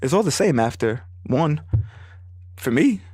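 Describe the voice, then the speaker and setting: A man spins a casual podcast story, his fairly high voice swinging widely up and down. He talks in animated, profane bursts and leaps higher when he quotes someone. The sound is close and dry, with no room around it. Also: measured pace, husky, dry recording. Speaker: podcast host; business owner.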